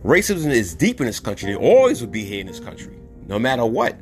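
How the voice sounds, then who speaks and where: A man's voice: medium pitch, wildly swooping pitch, fairly quick, soft background music. A man from New City, hosting a podcast monologue in a blunt way, repeating words for emphasis. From New York City. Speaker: podcast host. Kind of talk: opinionated monologue.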